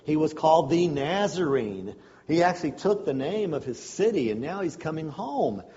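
Pastor type, casual explainer delivering a sermon, long hall reverb, slightly muffled recording. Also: male voice, a little high, sing-song, normal speed, mellow. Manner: conversational, folksy asides.

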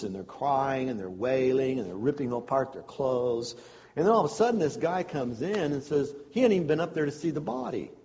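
A man's voice: mid-range voice, darkish tone. A man preaching a sermon, reading scripture and explaining it in a conversational, folksy way. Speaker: pastor. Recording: dull sound with long hall reverb.

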